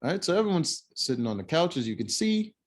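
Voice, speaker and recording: A man's voice: a little high, very animated, quick pace. A man giving casual, opinionated commentary while reviewing a reality show, blunt and mocking.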